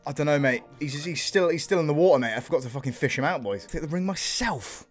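A young British man giving excitable let's play commentary, swearing and calling his viewers boys and bro. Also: on the high side, fast, soft background music. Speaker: gaming youtuber.

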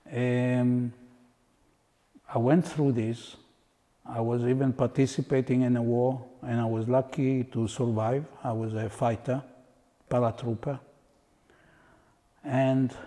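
An older man, an interviewed artist telling anecdotes in an unhurried, reflective way. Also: medium pitch, mellow, big-room sound. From Israel. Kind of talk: reflective storytelling.

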